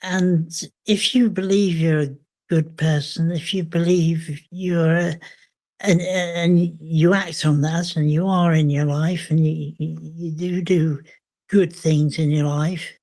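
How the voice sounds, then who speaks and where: An older woman, a memoir author, speaking reflectively in an interview, thoughtful and hesitant with frequent pauses. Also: deep voice, fairly even intonation, warm tone.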